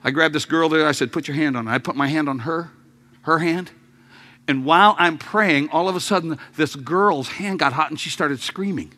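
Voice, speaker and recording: A man preaching a sermon as a story, acting out voices with laughs and sudden shouts. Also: fairly high pitch, normal speed.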